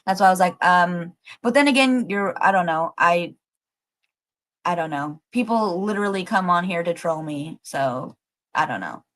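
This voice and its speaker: A woman chatting live with her viewers in a slightly low voice. She rambles and thinks out loud, packing her talk with fillers and casual swearing. She sounds excitable and easygoing. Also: moderate pace. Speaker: livestream host. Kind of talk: casual livestream chat with viewers.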